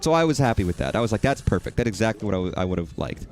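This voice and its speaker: A man's voice: lowish voice, sing-song, very fast, a little hiss or hum. A man chatting casually while streaming a game, rambling and swearing at enemies. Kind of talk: casual gaming commentary.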